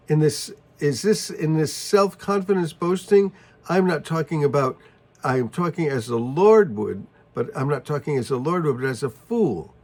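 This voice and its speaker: A man's voice: mid-range voice, creaky, a little mellow. A male pastor teaching through a Bible passage, reading verses aloud and explaining them in a casual, emphatic way. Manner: emphatic, reads scripture then explains it casually. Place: church.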